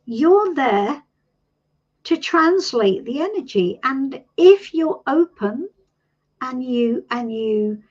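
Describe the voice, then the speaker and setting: British tarot lady on a live stream, high bouncy voice, kind of dull lo-fi sound. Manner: warm, reassuring, calls people sweetie. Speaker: tarot reader and host. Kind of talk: live-stream coaching chat.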